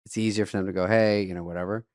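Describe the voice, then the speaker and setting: Low-voiced man with a dry wit. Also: fairly even intonation, racing, dry recording. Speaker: podcast co-host. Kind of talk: casual comedic chat.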